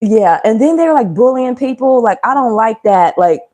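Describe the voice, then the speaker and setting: A woman's voice: fairly high pitch, expressive, normal speed, darkish tone. A woman chatting casually and joking with viewers during a cooking livestream. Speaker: livestream host.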